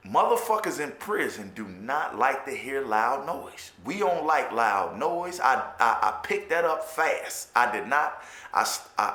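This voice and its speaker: Animated, stammering Chicago man, roomy echo. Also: mid-range voice. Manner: profane, stammers and repeats words, animated. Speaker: formerly incarcerated storyteller. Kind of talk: candid personal storytelling monologue.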